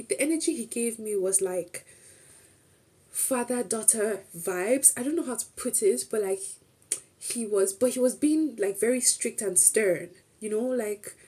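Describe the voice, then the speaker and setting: A young woman talks her viewers through her day in a relaxed, chatty way, circling back and restarting sentences as she goes. Her voice is slightly husky with a warm, mellow tone. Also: a little high. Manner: chatty and rambling, with restarts and quoted asides. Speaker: streamer. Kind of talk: casual storytelling recap.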